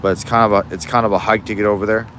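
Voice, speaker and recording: Young man, low voice, loose rambling livestream chat on a phone outdoors, faint city noise behind. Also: flat delivery, racing, a bit bright. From Alaska. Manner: rambling, easygoing, many restarts. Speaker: fishing livestreamer. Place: outdoors in the rain.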